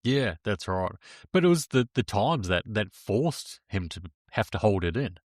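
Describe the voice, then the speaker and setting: A man's voice: lowish voice, very animated, a little slow, no room sound, studio quality. A man co-hosting a casual true-crime podcast, recounting the story plainly. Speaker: podcast co-host.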